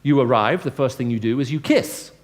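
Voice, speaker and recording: A man's voice: mid-range voice, lively intonation, a little fast. A man giving a lecture-style evangelistic talk to a live audience, speaking conversationally and asking his listeners questions. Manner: acts out dialogue with changing tone. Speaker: Christian speaker.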